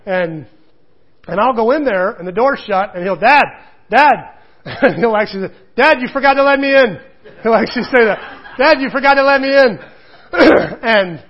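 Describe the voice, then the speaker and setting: A male pastor delivers a sermon through a dull, slightly muffled recording. His voice sits high for a man and has a husky edge. He tells stories with self-deprecating humor and an animated delivery.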